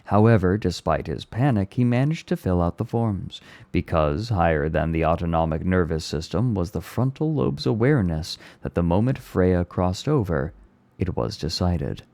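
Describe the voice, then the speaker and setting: A man streaming himself reading a novel aloud in a measured, deliberate way. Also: low voice, animated, creaky, warm tone, no echo. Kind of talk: read-aloud storytelling.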